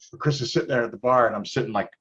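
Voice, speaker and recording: A man's voice: mid-range voice, rapid-fire, fairly bright tone, dull audio. A man telling a long bar anecdote in a casual chat, swearing a lot and chuckling as he goes. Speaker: guest.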